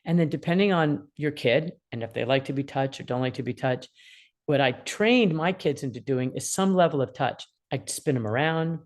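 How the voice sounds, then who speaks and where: A woman's voice: very deep voice, moderate pace. A woman in her sixties, an attorney mediator, explaining parenting advice and acting out what upset teens feel. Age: 60s. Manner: animated, acts out quoted feelings.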